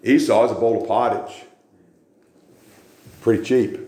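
A man's voice: fairly low pitch, fairly even intonation, unhurried, dark tone, roomy sound. A man preaching a sermon, telling stories and repeating phrases for emphasis.

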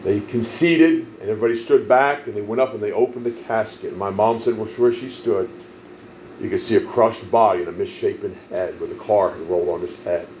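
A man preaching a sermon, telling stories emphatically and swelling loud on key lines. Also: on the low side, brisk, slight background noise, low-quality recording. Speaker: pastor.

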